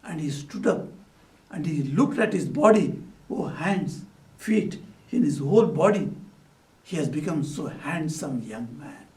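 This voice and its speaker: Brief: male swami, storytelling sermon, high voice, roomy echo. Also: expressive, unhurried, darkish tone. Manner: storytelling with rhetorical questions, non-native phrasing. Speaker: swami giving a spiritual talk. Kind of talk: devotional talk. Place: hall at a Vedanta society. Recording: echoey room, mic at a distance.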